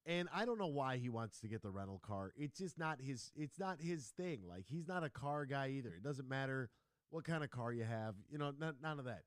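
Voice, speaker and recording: Male sports talk host, lively raconteur, dry close mic. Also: medium pitch, brisk, no room sound. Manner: animated storyteller, acts out quotes, laughs. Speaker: radio show host. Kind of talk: casual sports radio chat.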